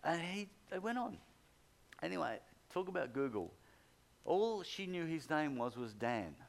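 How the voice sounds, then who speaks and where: A man delivering a sermon as a story. He tells it in an animated, conversational way and slips into the voices of the people in his tale. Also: fairly high pitch, a little slow, vocal fry. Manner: animated anecdote, acts out quoted people. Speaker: preacher.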